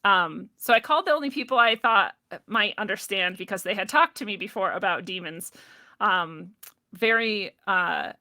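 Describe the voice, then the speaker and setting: A woman guest telling a personal story in casual talk, animated, laughing often and acting out what others said. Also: medium pitch, normal speed, dry recording. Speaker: podcast guest.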